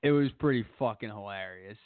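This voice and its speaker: A man's voice: lowish voice, brisk, no echo. A man chatting loosely on a podcast, swearing constantly as he rambles through a story. His voice comes through thin and phone-like, with a dry, close sound and no room around it. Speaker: podcast co-host. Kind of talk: casual chat.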